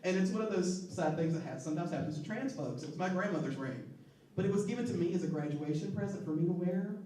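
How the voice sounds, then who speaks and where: A man in his thirties telling a personal story on stage in a relaxed, joking way, often laughing. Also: sits high, quick pace. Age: 30s. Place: stage at a live storytelling show. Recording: echoey hall, distant mic, faint noise.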